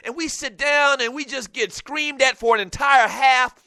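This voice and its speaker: A male sports radio host tells a story in a loose, animated way from a studio. His voice sits high and sounds bright. The sound is dry and close, with little room on it. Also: moderate pace, no echo. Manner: loose, animated, self-promoting plugs. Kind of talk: casual storytelling talk show.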